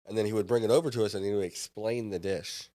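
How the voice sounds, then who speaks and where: A man, a former chef now a startup founder, guest on a podcast, telling an animated anecdote and acting out the lines of the people in it. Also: fairly low pitch, fast. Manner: lively anecdote-telling, acts out others' lines. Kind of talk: animated storytelling.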